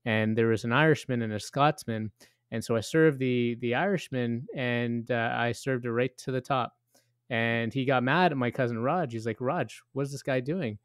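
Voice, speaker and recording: A male podcast host with a mid-range voice chats casually with his guest. He keeps affirming with quick yeahs and fillers, and the recording is dry and close. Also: medium pitch, clear, resonant tone, no room sound. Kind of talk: casual interview chat.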